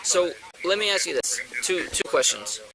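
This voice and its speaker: Firm police officer amid voices. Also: male voice, a little high, sing-song, normal speed, crowd noise, rough recording. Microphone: body-worn camera. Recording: crowded body camera audio.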